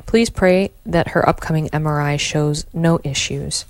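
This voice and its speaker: A woman co-hosting a live radio prayer show, answering the rosary and calmly reading listeners' prayer requests. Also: sits low, unhurried, dry recording. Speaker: radio co-host. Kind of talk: praying and reading listener intentions.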